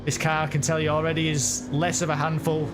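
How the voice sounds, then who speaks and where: With music playing behind him, a man streaming sim racing talks a little fast in a fairly high, monotone voice. He rambles casually about the racing game as he plays it live, often stopping to correct himself.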